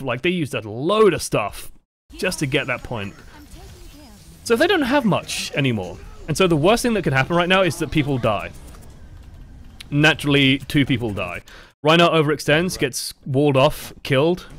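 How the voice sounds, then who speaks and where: A man's voice: a little high, fairly bright tone. An English man coaching over gameplay footage, talking in a casual, rambling and profane way. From England. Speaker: game coach. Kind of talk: gameplay review commentary.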